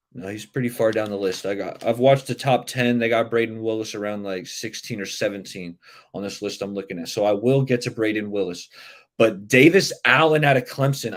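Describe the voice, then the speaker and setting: Male livestream sports host, lowish voice, loose rambling chat style, answers viewers as he goes. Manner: chatty, rambling, reacts to chat comments. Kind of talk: casual live-stream sports talk.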